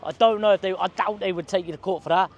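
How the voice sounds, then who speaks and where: A man's voice: high-pitched, steady tone, fast talker, creaky, lo-fi sound. A man, telling a rambling, slangy story to camera outdoors on a city street. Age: 20s. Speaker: vlogger.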